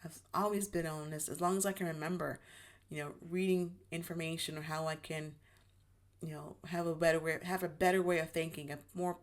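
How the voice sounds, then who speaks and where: A woman hosting her own channel, talking in a gentle, reflective monologue about healing, with frequent restarts as she searches for words. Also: on the low side. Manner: gentle, self-reassuring, many restarts. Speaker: YouTube channel host.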